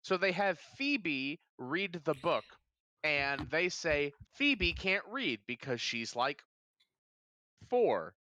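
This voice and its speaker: A man's voice: on the high side, big pitch swings, takes it slowly, pushed and bright, dry recording, highs cut off. A man co-hosting a casual movie review podcast, joking, teasing and laughing often. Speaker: podcast co-host.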